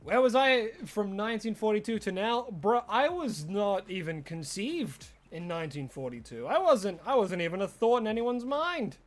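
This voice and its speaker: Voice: mid-range voice, normal speed, hardly any pauses. Rambling, jokey game streamer. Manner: rambling and jokey, bursts into excited shouts. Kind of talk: live game stream chatter.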